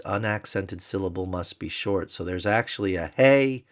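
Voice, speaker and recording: A man with a very low voice teaches a grammar lesson, spelling words out patiently and repeating them. The recording sounds dull and a little lo-fi.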